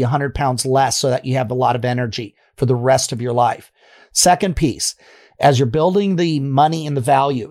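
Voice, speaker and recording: A man's voice: mid-range voice, darkish tone. A man co-hosting a coaching talk, telling anecdotes and acting out the people in them. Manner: anecdotal, acts out quotes. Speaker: business coach co-host. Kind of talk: casual storytelling advice.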